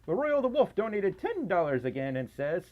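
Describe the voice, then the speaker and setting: A man's voice: high voice, sing-song, moderate pace, muffled recording. A man chatting casually on a livestream, rambling and self-deprecating with lots of fillers and laughs, tired and a little scratchy. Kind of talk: casual live stream chat.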